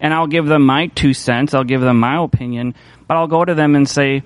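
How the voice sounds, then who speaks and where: A man's voice: mid-range voice, fairly even intonation, fairly quick, dry recording. A man, a church pastor, giving a sermon in a loose, conversational way, full of restarts and fillers. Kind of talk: casual sermon talk.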